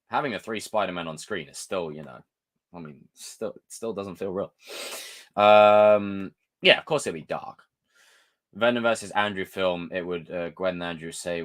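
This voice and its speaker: A man's voice: low-pitched, a bit bright. A man, hosting a live stream and ranting in a casual, exasperated way, swearing often.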